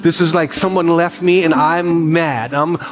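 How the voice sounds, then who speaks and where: Animated pastor, a man preaching. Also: fairly high pitch. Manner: animated storytelling with quick bursts and emphatic repetition. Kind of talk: sermon.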